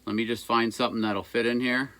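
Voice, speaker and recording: A man's voice: mid-range voice, steady tone, fast, fairly bright tone. A man who runs a small engine repair shop, giving a casual, rambling how-to with jokey asides while he works at his bench. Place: workshop by a busy road.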